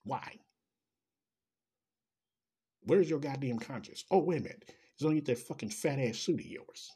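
A man in full rant, swearing through nearly every sentence and dripping with sarcasm. His voice is husky and breathy, sitting at an ordinary middle pitch for a man. He talks straight at his audience, heated and scornful. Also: animated, moderate pace, dark tone. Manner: angry, profane, sarcastic. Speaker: commentator. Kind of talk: ranting commentary.

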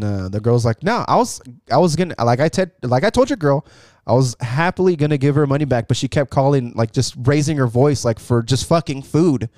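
Young man, casual storyteller, animated, swears freely, dry mic. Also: mid-range voice, no echo. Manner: animated, acts out quotes with swearing.

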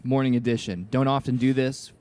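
A man's voice: medium pitch, brisk. A young man co-hosting a podcast, joking around in casual chat. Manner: playful, jokey, lively delivery. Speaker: podcast co-host.

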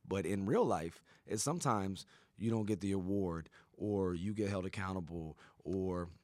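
A man's voice: low-pitched, moderate pace, a little mellow, dry recording, studio quality. A man hosting a podcast in casual chat, rambling and profane, often tagging his points with "right?". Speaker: podcast host.

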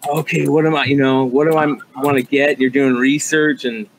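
A man with a mid-pitched voice chats casually on a podcast, rambling through his sentences with fillers and frequent swearing. A faint hiss of background noise sits under the recording. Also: level tone, moderate pace, rough recording. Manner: rambling, profane, lots of fillers and restarts. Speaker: podcast co-host. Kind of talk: casual chat.

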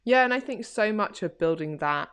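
A woman's voice: medium pitch, lively intonation, normal speed, fairly bright tone, smooth. A woman co-hosting a podcast, giving casual motivational talk, chatty with lots of fillers and acted-out inner thoughts. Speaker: podcast co-host and coach.

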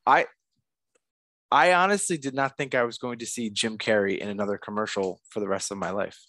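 A man's voice: fairly low pitch, brisk, no echo, studio quality. A man co-hosting a podcast in casual, chatty conversation. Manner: animated, chatty. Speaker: podcast co-host. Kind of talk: casual chat.

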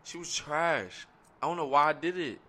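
A young man in his twenties telling a crude story in casual chat, deadpan and slangy. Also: a little high, normal speed.

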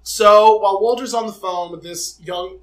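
A young adult man co-hosting a podcast, telling a personal story in a dramatic, animated way in casual chat. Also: sits high, moderate pace, low-quality recording. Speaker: podcast co-host.

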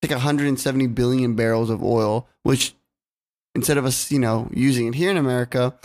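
A man's voice: mid-range voice, a little fast, a little mellow. A man co-hosting a casual podcast, laid-back and loose, with lots of fillers and free swearing. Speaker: podcast co-host. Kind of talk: casual chat. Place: California home recording.

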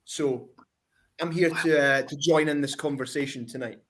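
A man's voice: a little high, steady tone, moderate pace, fairly bright tone. A man talking trash as a wrestler guest on a podcast, brash and cocky, swearing freely. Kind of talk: boastful trash talk.

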